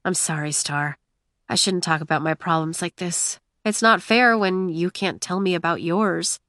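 A woman voicing a flustered, lovesick young man in an audiobook, speaking softly and pleadingly. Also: fairly low pitch, moderate pace, no room sound, clean studio sound, close to an everyday voice. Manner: soft, pleading.

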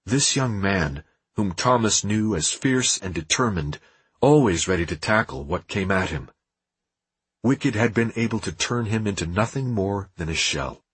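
A man narrating an audiobook in a steady, measured reading with a husky voice. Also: lowish voice, no room sound.

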